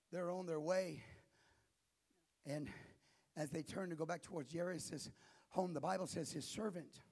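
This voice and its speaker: A pastor delivers a sermon in a high, bright voice with a raspy, gravelly edge. He speaks slowly and deliberately, then climbs to fervent shouts. The delivery is forceful and insistent. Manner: building to impassioned shouting.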